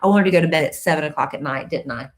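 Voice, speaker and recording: Middle-aged woman, casual live-stream co-host, lowish voice, chatty and playful. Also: rapid-fire. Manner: chatty, playful, baby-talks to the dog.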